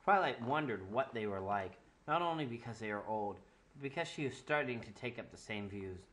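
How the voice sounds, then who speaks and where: A young man gives a mock-dramatic reading of bad fanfic in a medium-pitched, fairly bright voice, animated and a little fast. He's sarcastic about the writing, breaking into laughter and wry asides.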